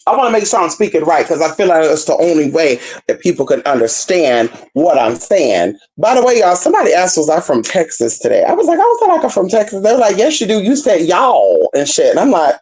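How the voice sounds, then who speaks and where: Woman, from California, sassy, chatty, casual monologue, animated pitch. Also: a little fast, few pauses. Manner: sassy, chatty, calls listeners baby and girl; swings from low murmurs to high squeals. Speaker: spiritual reader.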